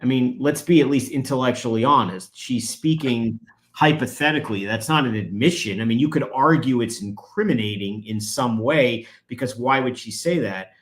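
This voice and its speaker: A man's voice: mid-range voice, normal speed. A man, a guest attorney, explaining legal procedure in conversation and growing emphatic when he presses a point.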